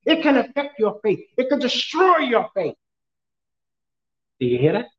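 A high-voiced pastor delivers a sermon, blending humorous stories and frequent laughter with questions shouted at his congregation. His pitch swoops wildly and his pace runs a little slow. The audio sounds roomy and slightly muffled, like it was captured from the back of a church.

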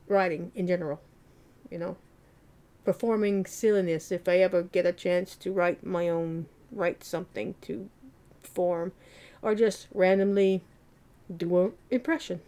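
A woman hosting a solo podcast, talking in a rambling, self-deprecating, soft-spoken way. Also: on the low side. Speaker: podcast host. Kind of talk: casual solo podcast monologue.

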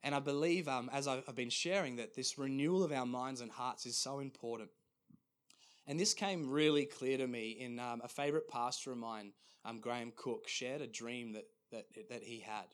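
Male pastor, mid-range voice, earnest sermon with halting restarts. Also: mid-range voice.

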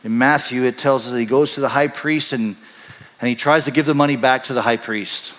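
A male pastor preaching a sermon, telling the story in an animated way and acting out the quoted voices, then dropping soft and low for reflective moments. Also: fairly quick. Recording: long hall reverb.

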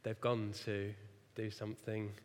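This preacher, a man in his thirties, has a lowish voice and a measured pace, with a little hiss or hum on the recording. In an echoey church hall, he animatedly tells a story against himself, laughing often at his own failings.

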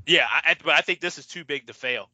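A man on a casual podcast who talks haltingly and stumbles over his words. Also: a little high, a crowd in the background. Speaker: podcast guest.

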